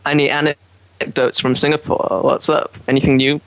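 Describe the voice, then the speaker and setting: A man from England talks casually on a podcast, often stumbling and restarting his words. His voice is gravelly and sits at a middle pitch. The recording is dry and close. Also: little pitch movement, dry recording, rough recording. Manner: halting, repeats words when starting. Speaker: junior doctor, podcast co-host. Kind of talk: casual chat.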